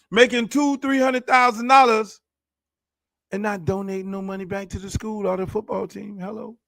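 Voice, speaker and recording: A man's voice: high-pitched, gravelly, fairly bright tone, dry recording, studio quality. A man who is a show host and football coach, venting in a heated, profane, repetitive rant. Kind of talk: casual ranting monologue.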